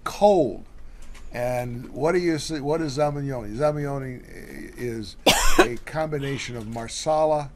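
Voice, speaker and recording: A man's voice: mid-range voice, a little slow, very noisy. A man co-hosting a casual cooking show, walking through recipes step by step with many fillers and restarts.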